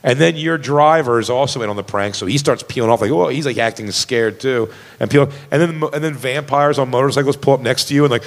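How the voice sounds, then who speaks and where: A man's voice: mid-range voice, fast talker, in a large hall. A man co-hosting a casual comedy podcast, telling stories in a rambling way and acting out the screams of the people he quotes. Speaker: podcast co-host.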